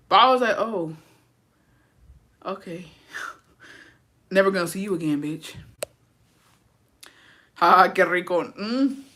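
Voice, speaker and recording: A woman with a bright, forward voice tells a story in a casual vlog. She swears often and is dramatic and animated. She slips back and forth between English and Spanish. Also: medium pitch. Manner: profane, code-switches between English and Spanish. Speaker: vlogger telling a story.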